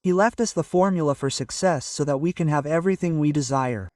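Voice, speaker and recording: A man's voice: fairly high pitch, brisk, a little mellow, dry recording, studio quality, recorded from a distance. A man giving an earnest, casual motivational talk to camera and often checking in with "okay?". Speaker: motivational vlogger. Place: at home early in the morning.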